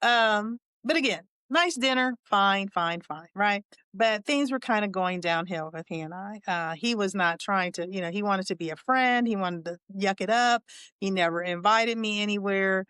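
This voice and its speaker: Woman in her 60s, podcast host, candid funny storytelling, smooth voice, dry close sound. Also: mid-range voice, moderate pace, fairly bright tone, dry recording. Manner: humorous and candid, laughs often, chatty asides.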